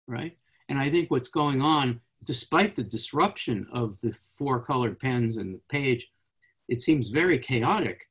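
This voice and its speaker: A man hosting a casual poetry discussion over a video call, reading short translations aloud slowly and talking quickly between them. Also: mid-range voice, a bit bright, slightly rough. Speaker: host.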